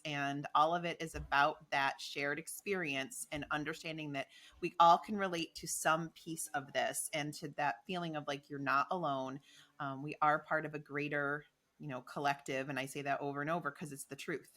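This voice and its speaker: Woman cohosting a podcast, bright voice, acts out quotes as she tells stories. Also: deep voice, moderate pace. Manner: animated storyteller acting out quoted lines. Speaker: podcast co-host. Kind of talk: casual podcast chat.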